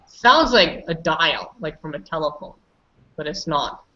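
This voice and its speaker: A woman's voice: low-pitched, big pitch swings, measured pace, bright, forceful tone, muffled recording. A woman teaching English pronunciation, patiently correcting students and calling on them by name. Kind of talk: online pronunciation lesson.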